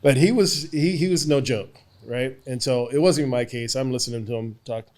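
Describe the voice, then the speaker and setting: A man's voice: mid-range voice, a little fast, a little mellow. A retired man guesting on a podcast, telling stories, often chuckling. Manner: laid-back anecdote telling, chuckling. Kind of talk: casual interview storytelling.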